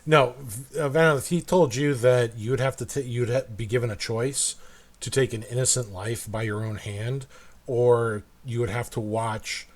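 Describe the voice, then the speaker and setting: A man running a tabletop game as game master, narrating in a halting way with frequent restarts. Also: mid-range voice, steady tone. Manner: halting, restarts mid-sentence, laughs often.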